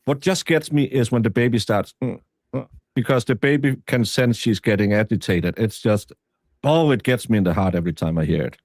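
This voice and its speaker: A man's voice: fairly low pitch, darkish tone, dry recording. Earnest guy on a stream, keeps restarting, dry close mic. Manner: halting, restarts a lot, earnest. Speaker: stream co-host. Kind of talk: live stream commentary.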